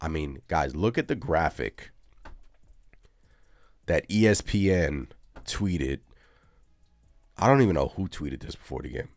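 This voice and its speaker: A man hosting a live postgame sports reaction show, animated and ranting as he talks to his viewers. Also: low voice, unhurried, long pauses, no echo, studio quality. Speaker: sports podcast host.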